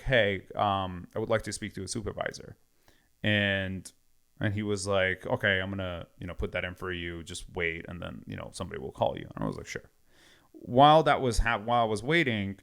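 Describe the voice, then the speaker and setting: Gravelly low-voiced man telling a story. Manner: animated retelling with many quoted exchanges. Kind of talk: casual storytelling.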